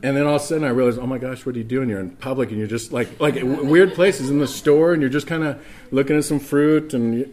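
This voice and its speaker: A middle-aged man preaching a sermon as pastor, earnest and often dropping to a soft, intimate tone. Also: medium pitch, fast.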